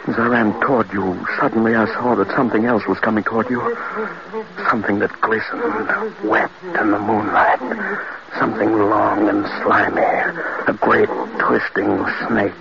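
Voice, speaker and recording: An actor playing a frantic, grief-stricken man who shouts and breaks into cries, in 1940s radio acting style. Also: fairly low pitch, moderate pace, gravelly. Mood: haunted. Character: man haunted by a horror, frantic and grieving. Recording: muffled old radio recording with hiss.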